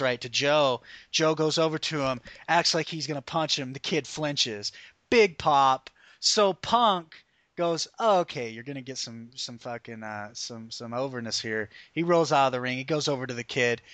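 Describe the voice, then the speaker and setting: A man hosting a podcast, ranting in a profane, animated, opinionated way. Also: fairly high pitch, dry recording. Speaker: podcast host. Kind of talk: casual podcast rant about wrestling.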